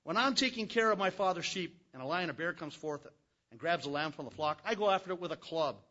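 A man voicing a calm, self-assured young shepherd while reading a Bible story aloud. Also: fairly high pitch, fast talker, dull audio. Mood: confident. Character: confident young shepherd boy.

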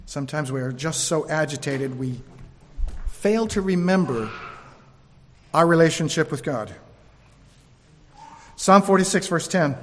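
A male preacher giving a sermon, swinging between loud emphatic lines and hushed, slow ones. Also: a little high, expressive, big-room sound, a little hiss or hum.

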